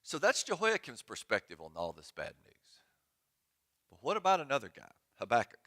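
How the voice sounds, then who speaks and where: A man's voice: mid-range voice, wildly swooping pitch, fairly quick, bright, forceful tone. A man giving a sermon as pastor in a church sanctuary, conversational and joking, with sarcastic asides.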